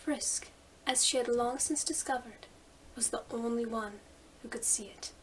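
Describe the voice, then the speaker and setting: A woman's voice: fairly high pitch, measured pace, distant mic, a little hiss or hum, poor audio. Woman whispering a story. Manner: soft, hushed narration. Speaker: fanfiction reader.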